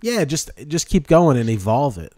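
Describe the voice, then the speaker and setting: A man's voice: a little high, moderate pace, dry recording. A man hosting a podcast in casual chat, telling rambling stories and acting out quoted lines. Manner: rambling, animated storytelling with quoted asides. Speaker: podcast host.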